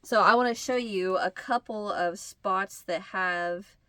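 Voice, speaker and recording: In a studio-quality recording with no room sound, a Midwestern woman who runs a crochet channel spins a meandering story in relaxed conversation. Her voice is a bit bright and a little slow, and she performs snippets of dialogue in a higher register.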